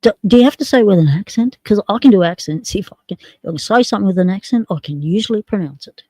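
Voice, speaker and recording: A woman's voice: medium pitch, expressive, fast talker, mellow, no room sound. A woman with an Australian accent, hosting a casual livestream chat in a rambling, jokey way. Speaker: livestream host.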